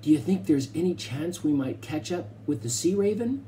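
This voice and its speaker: Casting: man voicing an earnest young boy, pitched high, mellow tone. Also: animated, moderate pace, a little hiss or hum, natural voice, low-quality recording. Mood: eager.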